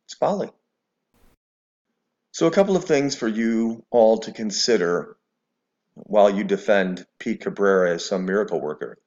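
A man's voice: on the low side, a little mellow, muffled recording. A man giving scornful, preachy religious commentary to the camera, mixing scripture with sarcasm. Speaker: video commentator.

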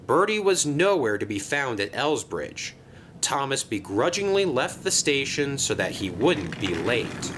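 A man reads a children's railway story aloud. His mid-pitched voice rises and falls in a lively way, and there is a faint rumbling noise behind him. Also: measured pace. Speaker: narrator. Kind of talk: storybook narration.

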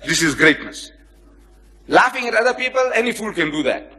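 A high-voiced man speaking at a normal speed lectures on comparative religion to a live audience. He tells anecdotes in an animated way, impersonating the people involved, and alternates between joking with and chiding his listeners.

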